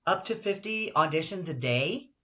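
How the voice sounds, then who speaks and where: An older woman with a deep alto voice, a broadcaster and voiceover actress talking as a guest in a casual interview, lively and upbeat. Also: normal speed.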